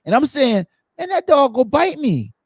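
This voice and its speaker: A man hosting a podcast, telling stories in a lively way and acting out the quotes. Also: very high-pitched, normal speed, dry recording, studio quality. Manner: animated storytelling, acts out quotes. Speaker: podcast host. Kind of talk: casual chat.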